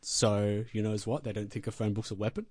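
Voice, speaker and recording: A man, a wrestling manager guest, telling stories in a crude, deadpan, boastful way full of swearing. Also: lowish voice, fairly quick, dry recording. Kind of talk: casual storytelling in a podcast interview.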